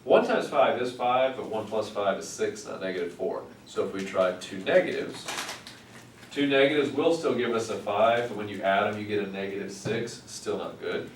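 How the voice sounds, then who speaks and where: A man's voice: fairly low pitch, normal speed. A male math teacher working through algebra with students, explaining steps with dry, wry humor. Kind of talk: classroom tutoring. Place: classroom. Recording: roomy, distant mic, some noise.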